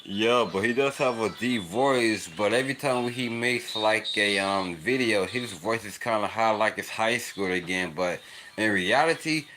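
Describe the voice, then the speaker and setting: A man's voice: fairly low pitch, a little slow, pushed and bright, slight background noise. A young man rambling and laughing in a casual livestream chat with a child nearby. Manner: rambling, repetitive, laughs often. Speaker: livestream host.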